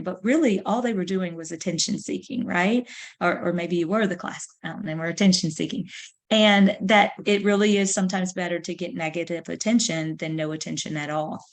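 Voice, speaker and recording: A woman lecturing in an easy, conversational way, wandering into stories and doubling back with ums and restarts. Her voice sits a little low for a woman, and she talks at an ordinary clip. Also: steady tone, fairly quick. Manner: conversational, anecdotal, with fillers. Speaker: counselor education lecturer. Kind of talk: recorded webinar lecture.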